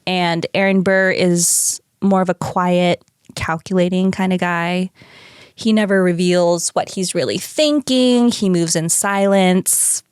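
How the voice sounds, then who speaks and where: A woman with a fairly low voice co-hosts a podcast, slowly and casually recapping a musical. She's animated, swears freely, acts out characters, and adds playful asides, all in a clean tone with clean studio sound and no room sound.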